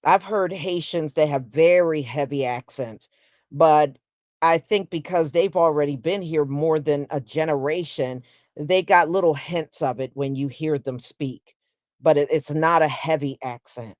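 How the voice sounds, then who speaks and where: Woman host just chatting to her stream, slow drawl, lots of mm-hmm pauses, dry sound. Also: low-pitched, a little mellow, no room sound. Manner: unhurried, conversational, drawls and pauses, answers viewers with "mm-hmm" and "yeah". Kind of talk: casual solo livestream chat.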